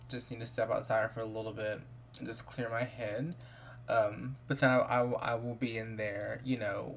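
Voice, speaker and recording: A man voicing a smooth-talking, scheming male game character who coaxes and dismisses. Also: mid-range voice, slight background noise, natural voice. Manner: coaxing, scheming.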